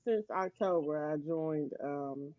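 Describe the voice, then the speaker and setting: A woman's voice: low-pitched, takes it slowly, phone-quality sound. A woman with a Georgia Southern accent, co-hosting a casual podcast chat and laughing often. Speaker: podcast co-host. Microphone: remote live-stream call.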